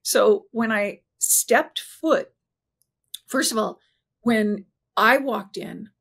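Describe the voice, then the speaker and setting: A woman in an interview, telling a personal story earnestly and haltingly, often restarting her sentences and slowing down at emotional points. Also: fairly high pitch, fairly bright tone, breathy edge. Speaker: interview guest.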